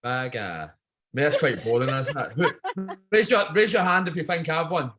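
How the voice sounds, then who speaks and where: A man's voice: on the high side, expressive, brisk, over music. A Scottish man giving a blunt, jokey, swearing pep talk on a video training call. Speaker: guest speaker on a training call.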